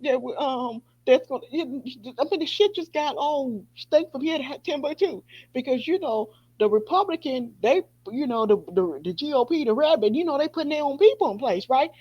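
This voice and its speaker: A woman hosting a podcast, talking in a casual, profane way and laughing often. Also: high voice. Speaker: podcast host. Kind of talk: casual commentary. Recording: dull lo-fi sound.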